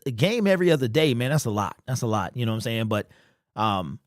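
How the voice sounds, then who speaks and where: A man's voice: mid-range voice, lively intonation, fast, no room sound, studio quality. A man hosting a casual fan live stream, greeting chat members by name in loose, slangy talk.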